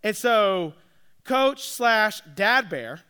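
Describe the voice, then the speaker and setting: A man's voice: high voice, animated, very slow, pushed and bright, clean tone. A man who coaches youth flag football and is a father, telling a story casually and checking in with his listeners as he goes. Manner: chatty, checks in with listeners with "all right?" and "like".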